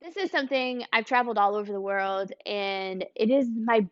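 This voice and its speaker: An American woman gives an informal church teaching talk in a conversational style, using a drawn picture and acted-out examples to explain her points. Her voice is medium-pitched at normal speed, and the recording is dry, slightly dull, and lo-fi.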